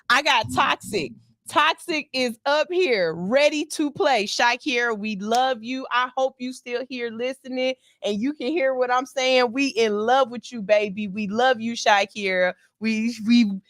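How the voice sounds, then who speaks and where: A woman's voice: high voice, fairly bright tone, dry recording, clean studio sound. A woman hosting a morning radio show, chatting casually with loose, playful banter and cursing freely. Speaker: station engineer.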